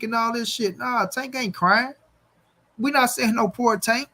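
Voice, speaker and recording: High-voiced man ranting to viewers. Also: fairly even intonation, normal speed, sharp tone. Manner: blunt, profane, talks straight to viewers; repeats his points for emphasis. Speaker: boxing channel host. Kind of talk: livestream commentary rant.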